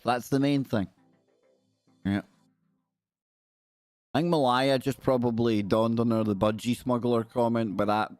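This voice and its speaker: A man's voice: medium pitch, darkish tone. A Scottish man hosting a live stream in casual, jokey, rambling chat. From Scotland.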